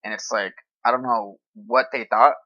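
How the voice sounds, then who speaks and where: A man co-hosting a casual chat about films, animated and swearing freely, acting out his reactions. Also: mid-range voice, moderate pace. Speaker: podcast co-host. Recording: dull lo-fi sound.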